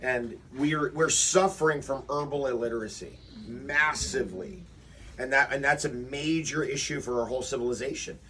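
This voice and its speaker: Man leading an outdoor workshop, lively and chatty, recorded from a distance with faint noise. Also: medium pitch, moderate pace. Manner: animated, acts out quotes, rhetorical questions. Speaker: workshop leader. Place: outdoors before a forest walk.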